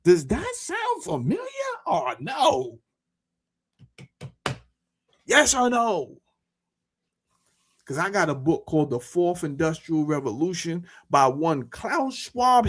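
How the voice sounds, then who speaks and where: A man talking casually to his viewers as a YouTuber, animated and full of rhetorical questions and slang. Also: high voice. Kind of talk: casual monologue to camera.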